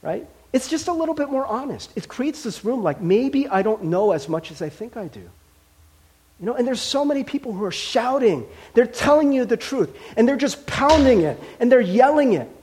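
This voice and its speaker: A male pastor preaching a sermon in a conversational, animated way, with frequent laughs and fillers. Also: very high-pitched, normal speed, slightly rough.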